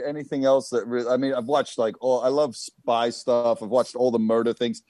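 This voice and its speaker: Casual male co-host, mid pitch, rambling and profane, dry close-mic sound. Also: dry recording. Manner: profane, rambling, animated storytelling. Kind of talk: casual chat.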